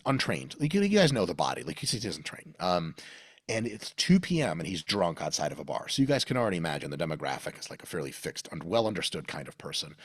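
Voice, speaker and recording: A low-voiced man with a slightly husky tone rambles through a story, swearing freely and acting out the people in it. His pitch swings widely as he talks. The sound is dry and close. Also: dry recording. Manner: rambling, profane, acts out quoted voices. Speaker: podcast guest. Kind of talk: casual storytelling.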